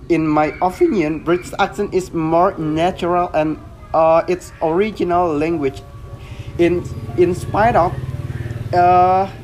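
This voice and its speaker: A man's voice: fairly high pitch, darkish tone. Young adult man, earnest student talking about himself, hesitant, light music bed. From Indonesia. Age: 20s. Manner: earnest, halting, with frequent uhs. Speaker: student podcaster. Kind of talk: casual self-introduction monologue.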